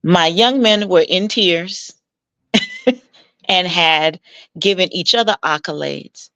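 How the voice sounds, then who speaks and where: Slow and warm, a woman who works as a marital coach tells stories from her work as an interview guest, persuasive and mentoring in tone. She's animated, imitating the people she quotes with jumps in pitch. The recording is dry.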